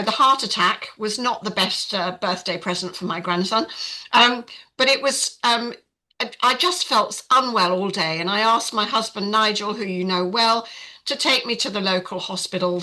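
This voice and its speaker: As a podcast guest, an older woman tells her personal story in a frank, chatty, casual way, using many fillers. Her voice is medium-pitched with a sharp tone at normal speed, and the recording is rough.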